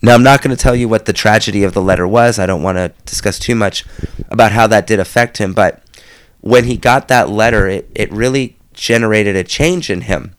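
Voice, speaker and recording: A man's voice: fairly low pitch, brisk, clear, resonant tone. A man giving his casual spoken thoughts on a book, thoughtful and often restarting his sentences. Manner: thoughtful, with frequent restarts and repeated words.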